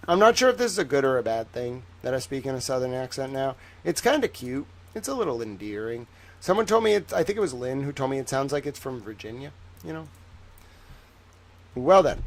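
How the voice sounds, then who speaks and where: A young man hosting a livestream, talking casually in a chatty, rambling way that turns animated when he is indignant. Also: mid-range voice, a little fast. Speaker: livestream host.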